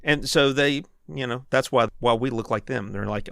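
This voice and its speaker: Man, podcast co-host, jokey and quick to laugh, bright voice, dry sound. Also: medium pitch, creaky, dry recording. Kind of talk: casual podcast chat.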